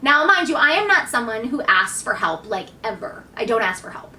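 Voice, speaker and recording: A woman in her thirties telling a personal story to camera in a candid, animated way, acting out what people said. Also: fairly high pitch, moderate pace, recorded from a distance, slight background noise. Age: 30s. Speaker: vlogger.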